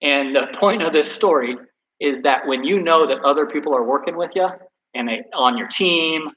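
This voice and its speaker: Chatty, higher-voiced man coaching. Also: normal speed, fairly bright tone, poor audio. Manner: friendly, self-deprecating, chatty. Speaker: soccer coach. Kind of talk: casual workout video and storytelling.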